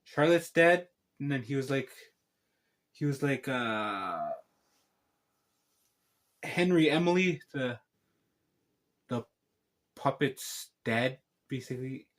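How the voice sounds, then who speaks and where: A man's voice: medium pitch, slow pace, long pauses. A man giving a casual spoken film recap as a reviewer, rambling through a tangled retelling full of restarts.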